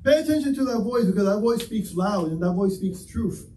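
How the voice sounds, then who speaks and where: A man's voice: sits high, animated, a little fast, mellow, slight background noise. A man preaching a sermon as pastor, talking conversationally and acting out little dialogues. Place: church sanctuary. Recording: echoey church hall, mic from a distance.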